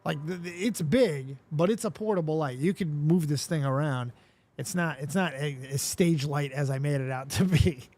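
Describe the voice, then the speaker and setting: A man hosting a live stream, chatting casually, reading viewer comments aloud and swearing freely in an animated way. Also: a little high, normal speed. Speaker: livestream host.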